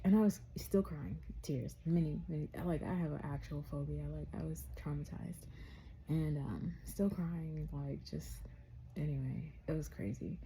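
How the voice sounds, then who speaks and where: Brief: young woman vlogger, gravelly and dark-toned, animated storytime chat. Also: sits low, slight background noise. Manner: animated storytelling, quoting herself in raised voice. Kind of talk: casual storytime vlog.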